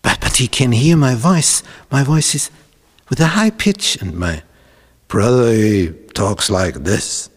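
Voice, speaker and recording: A man voicing a timid young man, Jacob, who stammers nervously in a raised, high-pitched voice. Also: lively intonation, takes it slowly, big-room sound. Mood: anxious. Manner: nervous and hesitant.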